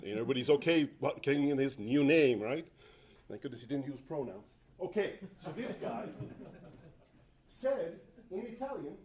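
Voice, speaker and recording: A man's voice: mid-range voice, a little mellow. Guy giving a conference tech talk, keeps cracking jokes at himself, rambles a lot. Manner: rambling, self-mocking, jokey asides. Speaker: conference presenter. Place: conference room.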